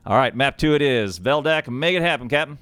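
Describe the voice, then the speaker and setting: A man hosting and casting a game match on a live stream, chatty and quick to laugh. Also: mid-range voice, lively intonation, a bit bright, clean tone, dry recording. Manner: chatty, with lots of laughs and restarts. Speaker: shoutcaster and match host. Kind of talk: casual live stream talk.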